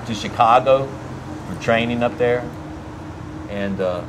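A man with a New Orleans-area accent telling a brisk anecdote. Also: mid-range voice. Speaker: interviewee. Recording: noisy room with air conditioning.

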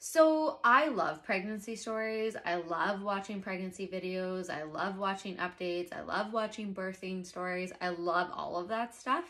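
A young pregnant woman chatting casually to camera as a vlogger, animated and exasperated in her asides. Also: medium pitch, measured pace, hardly any pauses.

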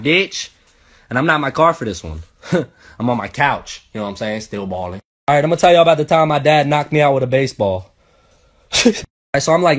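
A man comedian telling comic stories in a chatty, profane way, often turning to viewers with asides. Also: mid-range voice. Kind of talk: comic storytelling.

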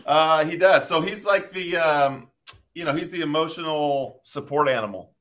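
A man's voice: a little high, normal speed, fairly bright tone. Easygoing male baseball coach guest. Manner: easygoing, teasing. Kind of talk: casual podcast chat.

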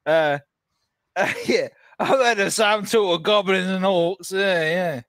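A man's voice: high-pitched, takes it slowly, a crowd in the background. A man co-hosting a let's play, teasing his partner and swearing while he laughs. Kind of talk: casual gaming chat.

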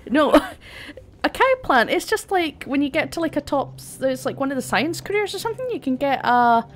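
A woman's voice: high voice, lively intonation, moderate pace. A young woman chatting casually while streaming a game, laughing often and swearing now and then. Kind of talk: casual chat while gaming.

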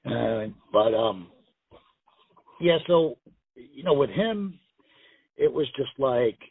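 A man's voice: medium pitch, animated, slow, creaky, husky, no echo. A man guesting on a call-in interview, telling rambling, profane stories full of acted-out quotes. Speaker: guest pro wrestler. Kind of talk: casual storytelling interview. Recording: tinny phone line, dry.

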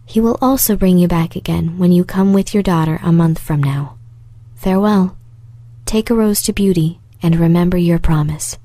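Stern storybook beast, male, grim and quietly threatening, mellow dark tone, read by a woman. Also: on the low side, moderate pace, no room sound.

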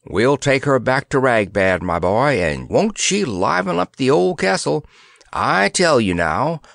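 A man's voice: medium pitch, big pitch swings, unhurried, gravelly, fairly bright tone, no room sound, studio quality, heavily acted. A man doing a blustering old soldier. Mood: cheerful. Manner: blustering, exclaiming.

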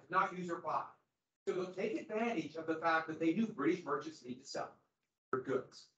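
A man teaching a history class, lecturing in an animated way and quizzing his students as he goes. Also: a little high. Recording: echoey room, dull lo-fi sound.

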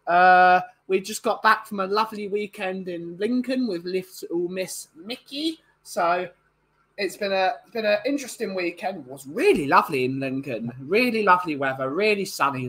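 A man's voice: sits high, lively intonation, normal speed, pushed and bright, low-quality recording. A tired man, hosting a casual livestream and chatting as he reads out viewers' greetings. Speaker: livestream host.

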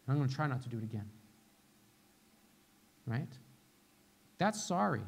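A man's voice: mid-range voice, very animated, moderate pace, creaky. A man who is a pastor, preaching a sermon in a conversational way, repeating key phrases and often checking in with "right?". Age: young adult to middle-aged, father of a little one. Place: church sanctuary.

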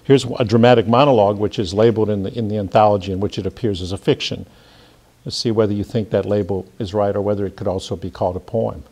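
A man, a creative writing professor, leading a seminar lecture in a halting way, with fillers and restarts. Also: lowish voice, fairly even intonation, darkish tone.

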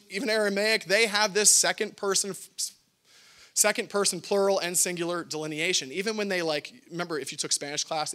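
Brief: high-pitched Texan-born male pastor, light and humorous in the pulpit. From Texas. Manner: playful, lively teaching with jokes. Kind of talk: sermon.

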